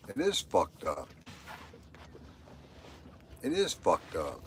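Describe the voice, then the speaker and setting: A man's voice: low voice, wildly swooping pitch, very slow, fairly bright tone, a little hiss or hum. A middle-aged man talking on a live stream, rambling and repeating himself with strong emotion. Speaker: livestreamer. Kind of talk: live stream monologue, reading chat.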